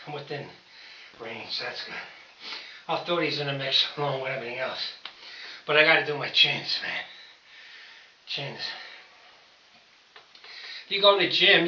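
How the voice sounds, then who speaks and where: An older man talks loosely and folksily to his viewers about training and eating right, voice bright and a bit sharp. He sits back from the camera in an echoey room, and the sound comes through dull and lo-fi. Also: fairly high pitch. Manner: rambling, folksy, talks straight to viewers as fellas. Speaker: home powerlifting vlogger. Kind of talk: casual talk to camera while training. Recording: roomy, distant, dull camera audio.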